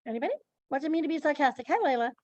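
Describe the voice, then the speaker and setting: A woman's voice: sits high, animated, very fast, a little mellow, dry recording, dull audio. A woman teaching an online class, chatty and questioning, calling on students by name. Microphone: computer mic on a video call.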